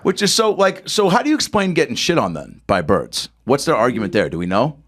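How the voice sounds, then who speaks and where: A man telling an animated comic story on a talk show, acting out voices and laughing as he goes. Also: medium pitch, brisk. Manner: acts out voices in his anecdotes, laughs while telling. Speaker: comedian guest.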